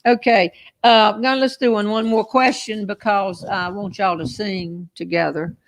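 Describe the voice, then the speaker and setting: Older southern lady hosting, gravelly voice, chatty and teasing, y'all-type folksy talk. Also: medium pitch, steady tone, measured pace. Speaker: host. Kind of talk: casual chat. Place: back porch outdoors.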